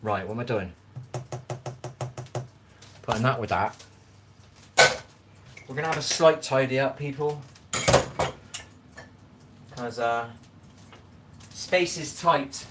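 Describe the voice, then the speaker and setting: A man's voice: mid-range voice, takes it slowly, long pauses, background noise. A man chatting casually to his live-stream viewers while he cooks and tidies at home, rambling from topic to topic and swearing bluntly now and then. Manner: rambling, chatty, talks straight to viewers in chat. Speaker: livestream host. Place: home kitchen.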